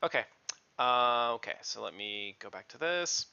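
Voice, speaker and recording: Brief: male game master, relaxed, bright forward voice, lo-fi recording. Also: medium pitch, normal speed, creaky, clear, resonant tone, no room sound. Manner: relaxed, checks rules aloud. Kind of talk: casual tabletop play.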